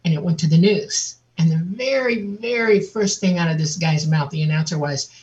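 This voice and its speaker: A woman guest on an interview, telling a personal story in a lively way and acting out the voices of other people. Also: fairly low pitch, normal speed. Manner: vivid, laughs often, acts out quotes. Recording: dull lo-fi audio.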